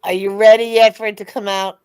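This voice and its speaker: A woman in casual pub-style chat, an animated storyteller who swears freely. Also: mid-range voice, a little fast, clean tone. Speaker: co-host.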